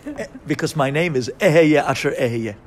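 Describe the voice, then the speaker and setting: A man, a rabbi, giving an impassioned sermon that swings from hushed to loud. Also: fairly high pitch, lively intonation, moderate pace.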